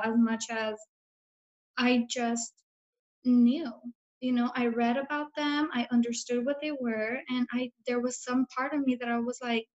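A woman's voice: a little high, a little mellow. A woman guest telling a personal story in an earnest, reflective way, full of casual fillers. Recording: dull lo-fi recording.

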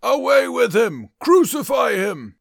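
A man voicing angry male temple leaders who shout loudly and draw out their demands. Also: mid-range voice, sing-song, dry recording, studio quality, voice pushed up, full character voice. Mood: furious. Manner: loud, drawn-out shouting.

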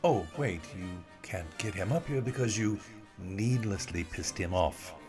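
A man's voice: measured pace, over music. A man voicing a baffled male ghost who needles his friend in a raised, teasing voice. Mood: wry, teasing. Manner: teasing, higher-pitched put-on voice.

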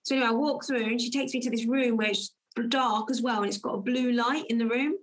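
Woman coach telling her story, kinda high voice, earnest, acts out the quotes. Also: fairly even intonation, fast. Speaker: guest, confidence coach. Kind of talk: personal storytelling in conversation.

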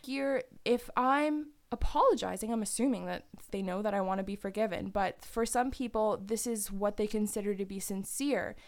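A woman's voice: medium pitch, moderate pace, hardly any pauses. Blunt, casual young woman who swears. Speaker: podcast co-host. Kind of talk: casual chat.

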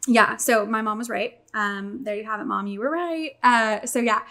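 A young adult woman telling a long story in casual chat, animated and swearing, acting out quotes. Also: medium pitch, moderate pace.

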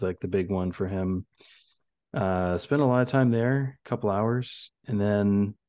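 A young father chats in a low voice, wandering through his story with plenty of fillers. The sound is dry and a bit muffled. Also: mellow, dry recording. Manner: rambling storyteller with many fillers. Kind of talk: casual chat.

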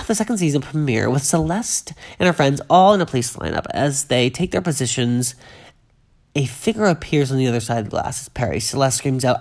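A woman's voice: a bass voice, lively intonation, moderate pace, a little mellow. A woman hosting a podcast in casual chat, reading an article aloud with chatty, digressive, gushing asides. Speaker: podcast host.

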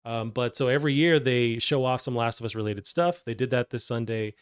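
A man's voice: medium pitch, brisk, clean tone, no echo, studio quality. A man hosting a gaming news show, talking in a loose, rambling way with many fillers. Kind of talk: casual gaming news chat.

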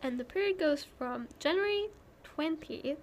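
A woman's voice: high-pitched, expressive, unhurried, slight background noise. A young woman co-hosting a casual podcast, giggly, often losing her place as she reads out lists. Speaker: podcast co-host. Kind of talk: casual chat.

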